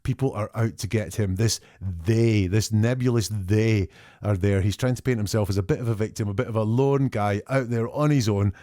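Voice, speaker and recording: A man's voice: lowish voice, normal speed, mellow, dry recording, clean studio sound. A man hosting a show, analysing public denials in a conversational, point-by-point way. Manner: conversational, picks apart quotes word by word. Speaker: statement analyst host. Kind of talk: analytical commentary.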